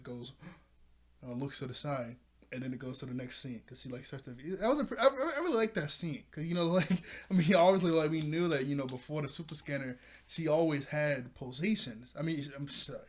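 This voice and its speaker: Guy rambling thru an episode recap, laughs a lot, lots of "you know" and "like", medium voice. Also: medium pitch. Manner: rambling, laughs often, paraphrases characters loosely. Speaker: show reviewer.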